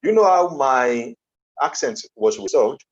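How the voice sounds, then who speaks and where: A man's voice: mid-range voice, lively intonation, measured pace, slight background noise. A man with a Nigerian accent giving an earnest motivational conference talk as a coach, emphatic and repeating his key phrases. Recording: dull lo-fi online conference audio.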